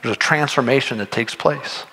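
A man's voice: medium pitch, normal speed, pushed and bright, rough recording. A man preaching a sermon, earnest and conversational, often restarting his sentences and pushing toward emphatic points. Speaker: pastor.

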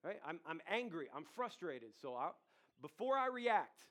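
A man's voice: high voice, big pitch swings, moderate pace, a bit bright. A pastor in his thirties preaching a sermon in a conversational way, with asides to the congregation. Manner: conversational preaching with audience asides and acted quotes.

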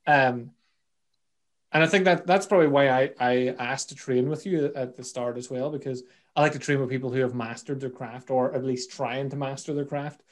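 A man hosts a relaxed interview, talking at a middle pitch. He jokes, swears freely and drifts into rambling asides before he finds his way back to the question. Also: moderate pace. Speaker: podcast host. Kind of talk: casual interview chat.

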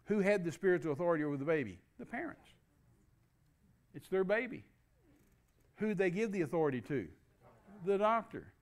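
A man's voice: high-pitched, big pitch swings, moderate pace, pauses often. An older man, preaching and telling a story in a folksy way. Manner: folksy storytelling with restarts and laughs. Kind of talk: sermon storytelling.

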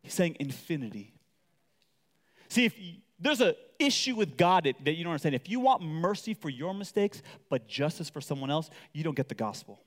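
A man preaching a sermon to a live audience, animated and acting out quoted voices. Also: a little fast, in a large hall. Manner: animated, acts out quotes with big pitch jumps. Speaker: pastor. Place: large hall with audience.

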